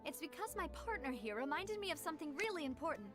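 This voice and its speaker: An earnest young game investigator. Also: female voice, high-pitched, big pitch swings, fast. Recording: game audio with cello music behind.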